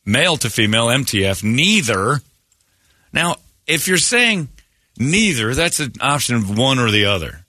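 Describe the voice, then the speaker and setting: A man's voice: medium pitch, very animated, fairly quick, few pauses, sharp tone, no echo, clean studio sound. A man hosting a morning radio show, joking loosely and rambling through crude stories with frequent laughs.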